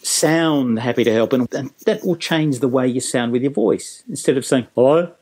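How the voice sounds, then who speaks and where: Animated storyteller man. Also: mid-range voice, normal speed. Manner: animated storyteller, acting out quotes. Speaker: guest, business trainer. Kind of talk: casual interview talk.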